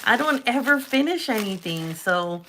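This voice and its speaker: Woman, young adult, casual livestream chat, giggly, crisp bright tone, faint background noise. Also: fairly high pitch, animated, normal speed. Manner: chatty, giggly, talks to live chat viewers. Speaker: polymer clay livestream host.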